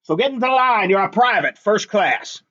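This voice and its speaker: A pompous storybook general booms out slow, drawn-out orders in a high, strained voice, as a man reading aloud puts him on. The recording sounds dull and lo-fi. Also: expressive, fairly bright tone. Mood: commanding. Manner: booming barked commands. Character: blustering pompous male army general.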